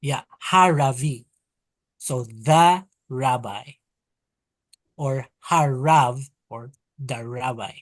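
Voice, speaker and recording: A woman teaching a Hebrew lesson over a video call, slowly drilling syllables and explaining pronunciation. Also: extremely low pitch, dry recording. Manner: slow, careful drilling of syllables. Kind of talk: online language lesson.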